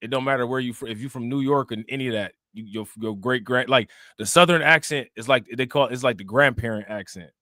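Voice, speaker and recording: A man hosting casual reaction commentary on crime news, animated and slangy, laughing often and giving shout-outs to viewers. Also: mid-range voice, a little fast, hardly any pauses, no room sound, clean studio sound.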